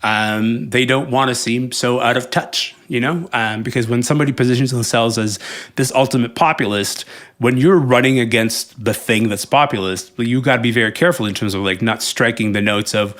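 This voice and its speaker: Guy guesting on a podcast, thinks out loud, lots of ums, middle voice. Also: mid-range voice, a little fast. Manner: thoughtful, many fillers and restarts. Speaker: podcast guest, culture writer. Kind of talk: casual political discussion.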